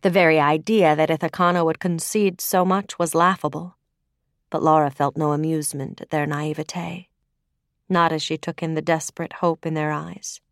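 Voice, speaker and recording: A woman reading a fantasy novel aloud in measured storytelling narration, dropping to a hush on dark lines. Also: low-pitched, steady tone, no room sound, clean studio sound. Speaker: audiobook narrator. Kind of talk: scripted narration.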